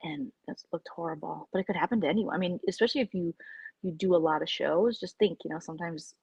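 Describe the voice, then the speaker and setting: A woman's voice: on the low side, fast talker, vocal fry, darkish tone, breathy edge, no echo, lo-fi sound. A woman vlogger in casual live-stream chat, rambling and opinionated as she reacts to her viewers' comments.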